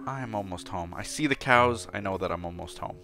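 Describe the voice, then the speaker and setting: A chatty man talks through a video game in an easygoing let's-play style. His voice sits a little low, and he sounds playful, eager and quick to get excited. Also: music in the background. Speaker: gameplay commentator. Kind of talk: casual let's-play commentary.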